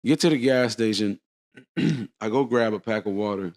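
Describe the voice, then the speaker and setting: A man's voice: lowish voice, normal speed, darkish tone, no room sound. A man telling a long story on a casual podcast, acting out the quotes.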